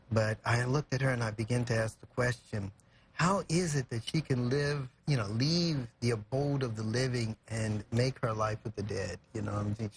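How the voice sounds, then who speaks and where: A man's voice: medium pitch, slight background noise. A young man from California, a guest in a TV studio, telling an emotional story earnestly and reflectively, with many "you know" fillers. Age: young adult.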